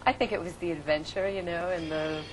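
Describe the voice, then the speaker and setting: A woman, an actress guest on a TV talk show, chatting in an animated storytelling way. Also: a little fast. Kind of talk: casual TV interview. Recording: noisy low-quality TV recording.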